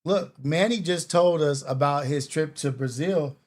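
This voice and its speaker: A man's voice: a little high, a little slow, a little mellow. A man hosting a live podcast, talking in a laid-back, slangy way and thanking viewers for tips. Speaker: podcast host. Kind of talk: casual chat.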